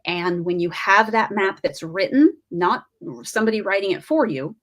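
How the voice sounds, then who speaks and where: A woman speaking as a panelist on a live stream over a video call, explaining in a relaxed way. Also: mid-range voice, moderate pace.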